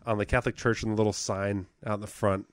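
A man co-hosts a comedy podcast and tells a long joke at an easy storytelling pace. His voice sits fairly low. The recording is dry and close. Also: flat delivery, fast talker, dry recording. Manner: storyteller, many fillers and restarts. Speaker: podcast co-host.

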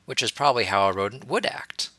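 A man's voice: medium pitch, fast talker, bright, forceful tone, no room sound. A man voicing a playful, teasing young male wizard teacher, amused as he explains. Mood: teaching.

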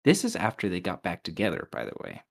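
A man's voice: deep voice, wildly swooping pitch, fast talker, vocal fry. A man co-hosting a podcast, casually reading out texts and posts with mocking voices. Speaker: podcast co-host.

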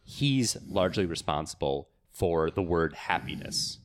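A young man from New York co-hosting a podcast, telling history in a relaxed, chatty way and laughing often. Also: deep voice, measured pace. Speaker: podcast co-host. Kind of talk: casual history chat.

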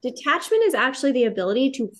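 A woman hosts a podcast with a fairly high voice. She speaks in a thoughtful, reflective way and draws out words for emphasis. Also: very animated, fairly bright tone. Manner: reflective, spiritual, drawn-out emphasis. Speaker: podcast host. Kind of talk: casual podcast conversation.

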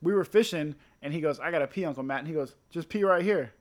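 A man's voice: fairly high pitch, fast. A man in crude casual chat, blunt and argumentative, swearing freely.

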